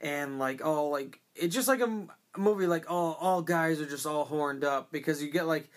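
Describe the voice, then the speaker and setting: Picture a person chatting casually about a film on a podcast, circling their point through fillers, false starts and loose swearing. The voice sits at a middling pitch and moves along easily, with no particular edge to it. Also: normal speed. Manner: rambling, many fillers and restarts. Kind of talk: casual movie discussion.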